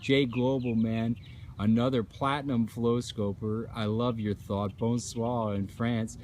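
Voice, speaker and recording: A man's voice: mid-range voice, flat delivery, a little slow, a little mellow. An enthusiastic man hosts a casual live stream, gushing about the view and greeting viewers one after another. His voice sits in an ordinary middle range. He is recorded outdoors on a phone, with a faint hiss of open air behind him. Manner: upbeat, effusive, reads out viewer comments. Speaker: livestream host. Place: outdoors at a nature preserve at sunset.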